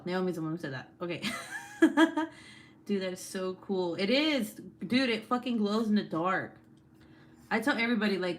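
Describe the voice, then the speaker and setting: A woman hosting a casual livestream, reading out chat comments, laughing often and swearing freely. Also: on the low side.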